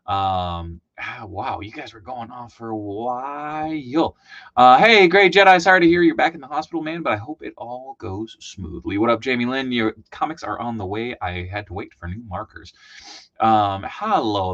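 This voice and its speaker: A man hosting a toy livestream, talking fast and wired, rambling and greeting chat by name. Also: fairly low pitch. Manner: hyped, rambling, shouting out chat names. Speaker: host. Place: home basement room. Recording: dull lo-fi stream audio.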